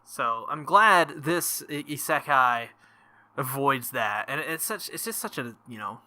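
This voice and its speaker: A man with a very bright, sharp-edged voice co-hosts a casual podcast chat. He rambles through his points, leaning on fillers and tossing in jokes as he goes. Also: mid-range voice, expressive, unhurried. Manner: rambling, filler-heavy joking. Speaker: podcast co-host.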